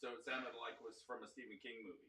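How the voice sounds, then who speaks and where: Wisecracking man with a husky, bright voice. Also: medium pitch, level tone, rapid-fire. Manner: wisecracking interjections. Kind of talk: casual podcast banter.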